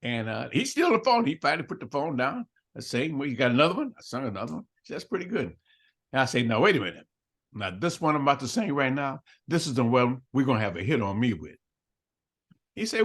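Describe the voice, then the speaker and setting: A man's voice: mid-range voice, sing-song, fast talker, fairly bright tone. An older man telling a story in an interview, acting out both sides of the dialogue and laughing often. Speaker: interview guest.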